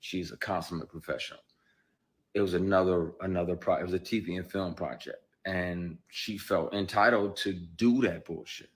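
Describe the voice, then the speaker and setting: A man's voice: deep voice, fairly even intonation, moderate pace, slightly rough. A man, an actor, giving emphatic and blunt testimony in an interview, swearing freely as he talks.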